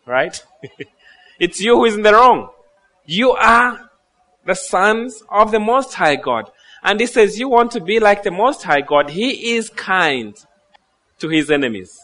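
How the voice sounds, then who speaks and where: A man preaching a sermon, animated, telling stories and laughing at his own jokes. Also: high-pitched. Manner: acts out quoted voices in asides. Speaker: pastor.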